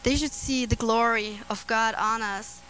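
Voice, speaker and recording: A woman preaching a sermon on scripture, earnest and prone to restarts and soft laughter. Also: on the high side, steady tone, measured pace, low-quality recording.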